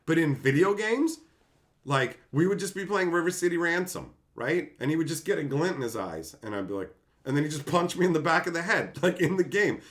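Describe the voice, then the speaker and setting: Animated storytelling man, lively pitch. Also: brisk. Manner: animated, swears, acts out quotes in different voices. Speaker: channel host. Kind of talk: casual storytelling.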